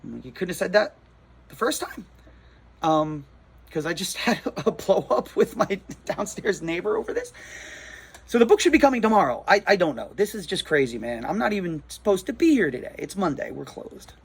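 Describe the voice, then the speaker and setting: A man's voice: sits high, very animated, brisk, vocal fry, slightly rough. A man with a New Jersey accent, a comic shop owner, telling a rattled, rambling story in a casual vlog, full of restarts and repeated words.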